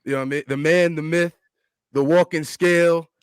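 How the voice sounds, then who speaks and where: A man's voice: a little high, fairly even intonation, brisk, smooth, no echo, studio quality. An American man co-hosting a podcast, giving a showy hype-man introduction with swearing. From United States. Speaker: co-host.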